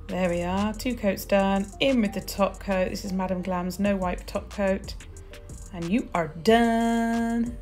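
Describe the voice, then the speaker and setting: A British nail technician with a mid-range, creaky, slightly mellow voice chats casually through a polish tutorial. She gushes with little exclamations as she shows off her swatches.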